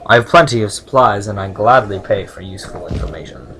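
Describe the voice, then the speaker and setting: A man voicing a calm, businesslike male servile shopkeeper in a fantasy game, speaking in a measured, formal way. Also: lowish voice, a little hiss or hum. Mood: matter-of-fact.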